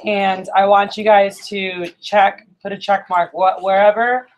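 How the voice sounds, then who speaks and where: A woman's voice: medium pitch, little pitch movement, unhurried. A woman telling a story to a group in a casual, chatty way. She fills her speech with "like" and keeps checking in with "right?". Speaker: speaker at a group meeting.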